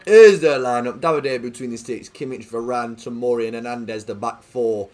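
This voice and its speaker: A young man giving jokey live commentary on a football video game, dropping to quiet play-by-play and then bursting out loudly. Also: medium pitch, normal speed. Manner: jokey, swings between quiet play-by-play and loud excited outbursts. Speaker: gaming commentator.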